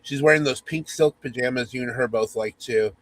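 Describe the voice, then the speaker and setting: Male host reading a spoof romance aloud; mock-sultry, teasing, medium pitch. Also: brisk, poor audio. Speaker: podcast host.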